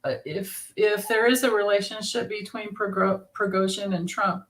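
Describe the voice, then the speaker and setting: A woman's voice: mid-range voice, steady tone, moderate pace, fairly bright tone. A middle-aged woman hosting a casual tarot livestream, chatting and greeting viewers by name with frequent laughter.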